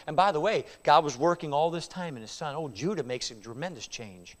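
A man preaching a sermon, retelling a scripture story with dramatic swings between loud, raised delivery and hushed, quiet lines. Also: fairly high pitch, brisk, hardly any pauses. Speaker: pastor. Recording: reverberant hall.

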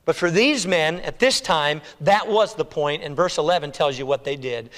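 A man preaching a sermon in an animated, exclamatory way, swinging between loud declarations and hushed passages. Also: a little high, normal speed, few pauses. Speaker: pastor. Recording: echoey hall reverb.

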